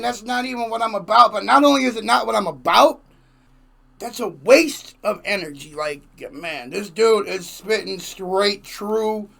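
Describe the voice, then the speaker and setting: A man's voice: high voice, vocal fry, fairly bright tone. A man hosting a music reaction video, talking in casual, emphatic commentary and repeating himself for effect.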